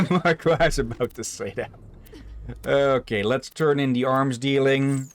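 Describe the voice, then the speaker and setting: A man's voice: medium pitch, steady tone, unhurried. A man streaming a game with friends, cracking crude jokes in casual chat. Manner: crude joking, reading game text aloud.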